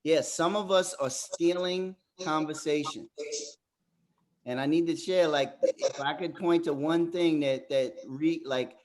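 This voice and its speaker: A man leading a motivational group coaching session over a video call, talking straight to the group as a lively storyteller. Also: a little high, unhurried. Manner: animated storyteller, addresses the group directly. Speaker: workshop facilitator.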